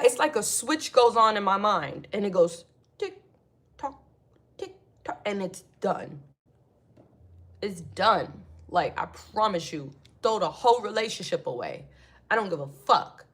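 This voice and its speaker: A young woman ranting casually to her viewers, brash and swearing freely, with sudden loud outbursts. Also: medium pitch, expressive, moderate pace. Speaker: vlogger. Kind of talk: casual rant to camera.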